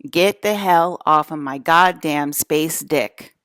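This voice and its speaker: A woman's voice: sits low, slow pace, fairly bright tone, dry recording. A woman from New Jersey giving a rambling solo rant to camera, profane, emphatic and repetitive. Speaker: vlogger.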